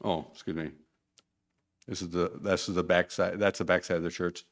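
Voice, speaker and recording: A deep-voiced man talks a church congregation through his slides from a podium. He rambles in a loose, conversational way and often restarts his sentences partway through. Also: flat delivery, moderate pace. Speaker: church mission speaker. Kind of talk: informal church presentation with slides.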